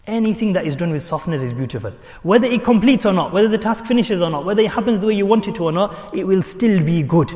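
A man with a slightly high voice explains religious texts to a class, talking things through plainly. He repeats his key points and poses rhetorical questions. His voice carries a long echo, as if in a large hall. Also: darkish tone. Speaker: religious teacher.

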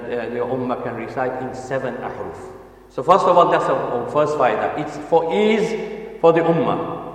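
A man gives a lecture on Quran recitation. He speaks haltingly with many fillers and restarts, mixes in Arabic and Urdu terms, and adds light humorous asides. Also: on the high side. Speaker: Islamic teacher. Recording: echoey hall, voice picked up from far off.

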